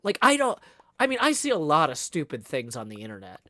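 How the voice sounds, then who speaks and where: A man's voice: mid-range voice, wildly swooping pitch, quick pace, a bit bright, no room sound. A man hosting a casual livestream, talking in a rambling, irritated way with many restarts. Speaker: livestream host.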